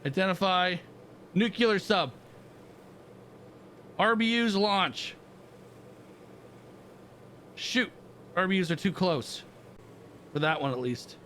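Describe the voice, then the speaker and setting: Excitable man narrating his own gameplay. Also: high-pitched, takes it slowly, pauses often, a little hiss or hum. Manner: excitable, reacting aloud while playing. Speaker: gaming channel host. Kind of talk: casual game commentary.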